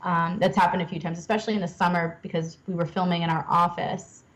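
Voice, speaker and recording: Young woman guest, chatty and self-deprecating, quick to laugh. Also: fairly low pitch, level tone, poor audio. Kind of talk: casual interview chat.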